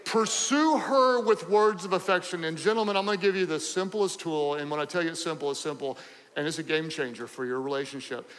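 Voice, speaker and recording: A man preaching a sermon as pastor, animated and joking, repeating phrases for emphasis. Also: a little high, brisk, in a large hall, poor audio.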